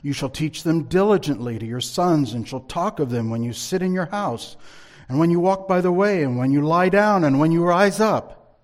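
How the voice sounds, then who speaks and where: A man doing a booming epic-film prophet. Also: expressive, a little mellow, lightly acted. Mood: solemn, commanding. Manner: slow, grand, declaiming. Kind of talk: dramatic scripture reading.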